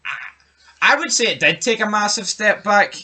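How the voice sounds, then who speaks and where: Guy cohosting a tv review show, banter and crude jokes, really bright sharp tone. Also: high-pitched, expressive, normal speed. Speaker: TV review podcast co-host. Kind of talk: casual chat.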